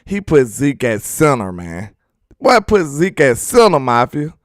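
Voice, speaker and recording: A man's voice: mid-range voice, big pitch swings, measured pace, no echo, studio quality. A young man hosting a casual football livestream, talking loosely to his chat and laughing often. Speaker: sports channel host.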